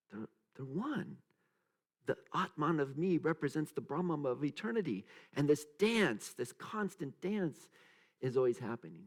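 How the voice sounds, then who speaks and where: A male pastor giving a sermon, searching for words and acting out quotes in a raised voice, leading the congregation in repeating phrases. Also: medium pitch. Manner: animated, acts out quotes in a raised voice; searching, with many restarts and trailing asides.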